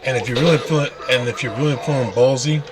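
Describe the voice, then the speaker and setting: A man's voice: mid-range voice, fast. A man streaming a game and casually explaining what to do as he plays. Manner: relaxed, explains while playing, with restarts. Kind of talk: casual gameplay walkthrough. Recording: noisy stream audio.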